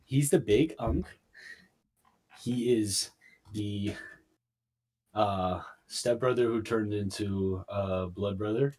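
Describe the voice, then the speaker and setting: Young dude, kinda husky, blunt and sweary, casual chat. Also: male voice, lowish voice, takes it slowly, pauses often, darkish tone. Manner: blunt, emphatic, swears freely. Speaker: podcast co-host.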